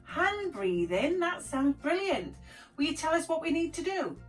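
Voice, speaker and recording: A woman presenting a children's lesson, speaking slowly, clearly and enthusiastically. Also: sits high, big pitch swings. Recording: distant mic, faint background music.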